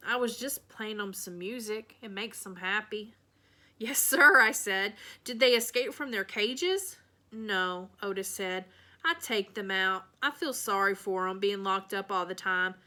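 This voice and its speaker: Woman reader, bright tone, children's novel read aloud, light character voices. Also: medium pitch.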